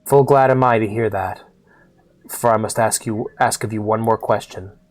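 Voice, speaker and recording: A man's voice: fairly low pitch, steady tone, lightly acted. A man doing a solemn old guildmaster. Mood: gentle, solemn. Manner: slow, formal, solemn speech. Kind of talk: reading game dialogue aloud.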